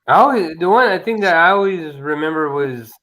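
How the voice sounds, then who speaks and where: A man recalls memories in a casual chat, swearing freely. His voice is somewhat high and lively. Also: a little fast. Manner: animated, swearing recollection.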